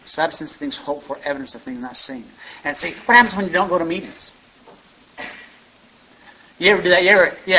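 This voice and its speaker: A man's voice: on the high side, animated, fast talker, long pauses, pushed and bright. A man telling his story at a recovery meeting in a rambling, folksy way, often adding "man" and "you know". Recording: dull lo-fi recording with faint hiss.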